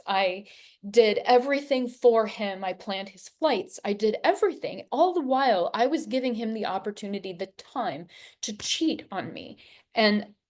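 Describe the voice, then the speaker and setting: A woman in her forties giving an earnest, emotional personal testimony as an interview guest, unhurried, with long pauses. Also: mid-range voice, a little mellow. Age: 40s.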